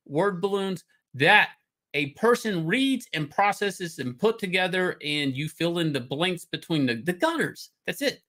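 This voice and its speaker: Middle-aged male host, profane excitable rant, bright voice that swings up and down a lot. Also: fairly high pitch. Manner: loud, swearing, excitable, jumps from topic to topic. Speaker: comic artist and show host.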